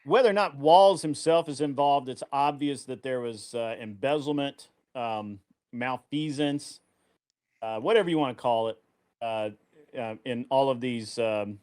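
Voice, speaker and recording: A male debater on a live stream, making his case. His speech is broken up by constant fillers and pauses. His voice sits in an ordinary middle range. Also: mid-range voice, darkish tone. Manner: halting, full of uh and um fillers.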